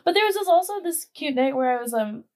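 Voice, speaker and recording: A woman's voice: sits high, animated, quick pace, darkish tone. Young woman podcast guest, casual, filler-heavy storyteller. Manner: chatty, heavy use of "like" fillers. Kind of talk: casual chat.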